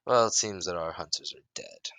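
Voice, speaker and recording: A man's voice: sits low, normal speed, sharp tone, dry recording. A man voicing a wry, offhand male association chairman in a fan-made story.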